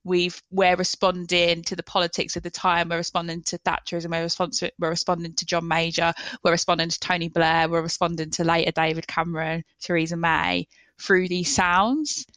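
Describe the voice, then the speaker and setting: A woman's voice: on the low side, flat delivery, moderate pace, fairly bright tone, no room sound. A woman hosting a podcast, speaking enthusiastically and thoughtfully about the conversation. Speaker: podcast host.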